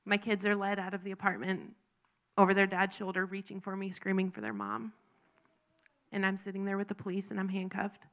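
A woman telling her personal faith testimony in an earnest, halting, emotional way. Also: medium pitch, fairly bright tone. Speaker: speaker sharing a recovery testimony.

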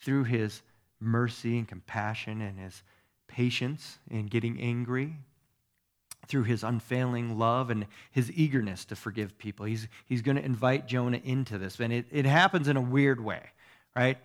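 A male pastor delivers a sermon in an easy, conversational teaching style, with a voice of ordinary middle pitch. He keeps checking in with his listeners through quick tag questions. His delivery moves between hushed asides and sudden emphatic stresses. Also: fairly even intonation.

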